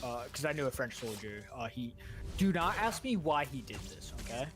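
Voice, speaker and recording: A man from the United States streaming a game, chatting casually in a rambling, halting way with many restarts. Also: medium pitch, big pitch swings, music in the background. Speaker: streamer, former soldier. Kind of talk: casual chat while gaming.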